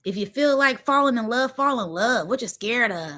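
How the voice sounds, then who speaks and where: A woman's voice: fairly high pitch, lively intonation, moderate pace, sharp tone. Emphatic woman giving spiritual pep talk. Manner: preachy, emphatic, repeats phrases, slangy. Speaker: spiritual channel host. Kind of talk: motivational spiritual monologue.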